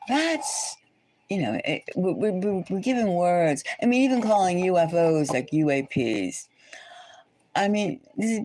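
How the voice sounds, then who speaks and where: A woman's voice: lowish voice, dark tone. A woman hosting a livestream chat, talking in a rambling, indignant way with many restarts, fillers and rhetorical questions. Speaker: tarot channel host.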